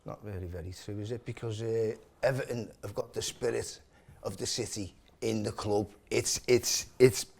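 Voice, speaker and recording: A man's voice: lowish voice, fairly even intonation, moderate pace, vocal fry, a little hiss or hum. A man arguing passionately for his football club, stammering through restarts and swearing freely. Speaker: football fan guest. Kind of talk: heated football debate.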